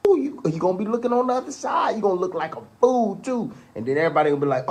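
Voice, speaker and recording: A man's voice: sits high, expressive, racing. A man speaking as a boxing pundit in a played clip, giving a taunting pep talk to a fighter with an exaggerated, drawling delivery full of "ooh" and "oh".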